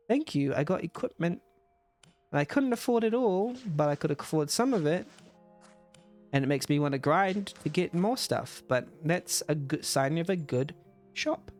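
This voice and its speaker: A man's voice: on the high side, normal speed, creaky, faint music behind. A man commenting on a game in a livestream as a judge, rambling and self-mocking. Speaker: game jam judge and streamer. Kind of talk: let's play livestream commentary.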